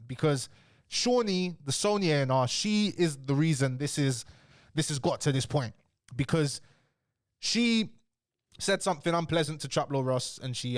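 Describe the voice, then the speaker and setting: A man's voice: a little high, no room sound, studio quality. A man hosting a casual reaction commentary, talking loosely with slang and frequent restarts. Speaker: commentary host.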